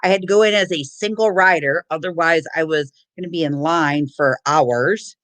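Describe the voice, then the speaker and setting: A woman telling a funny family story in casual chat, lively and laughing. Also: deep voice, normal speed. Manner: lively, laughing, acts out shouted quotes.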